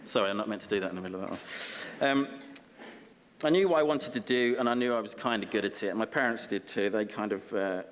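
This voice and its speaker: A man delivers a dry, self-deprecating graduation speech, full of halting ums and deadpan asides. His voice sits on the low side. It rings out with a long echo through a large ceremony hall. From Essex, England. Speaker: honorary graduate giving an acceptance speech.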